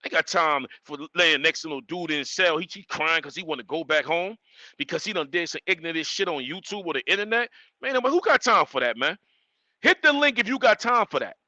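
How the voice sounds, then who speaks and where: A man's voice: a little high, fairly quick, no room sound. A man hosting a live stream, ranting emphatically and repeating his points. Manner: animated, emphatic, repeats himself. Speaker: livestream host.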